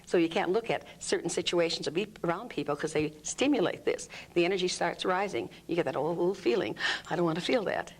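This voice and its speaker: A woman's voice: on the low side, fairly quick, hardly any pauses, husky. A woman explaining an energy healing technique in an interview, demonstrating groans, sighs and vocal sounds as she talks. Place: room under studio lights.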